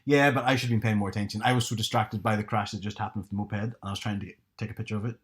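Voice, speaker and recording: A man's voice: on the low side, fairly even intonation, rapid-fire. A man co-hosting a podcast, telling stories with hesitant ums and restarts. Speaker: podcast co-host. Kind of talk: casual chat.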